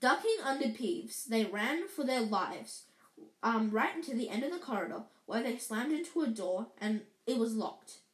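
A woman's voice: a little high, lively intonation, moderate pace. A woman reading a book aloud casually, stumbling and restarting lines as she corrects herself. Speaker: reader. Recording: echoey room.

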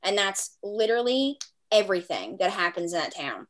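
Woman, podcast host, casual chat, filler-heavy, average pitch. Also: big pitch swings, normal speed. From small town. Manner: chatty, lots of "like" fillers, laughs easily.

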